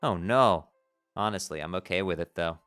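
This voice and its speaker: A man voicing a weary, blunt teenage troll boy, in a low, flat, mumbled read. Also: normal speed, clean tone, dry recording, soft background music.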